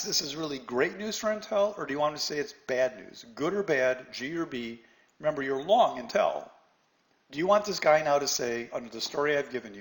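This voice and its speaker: A middle-aged man teaching a live trading lesson, talking lively and putting questions to his audience. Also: a little high. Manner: animated, asks the audience questions, acts out a news anchor. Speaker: trading instructor.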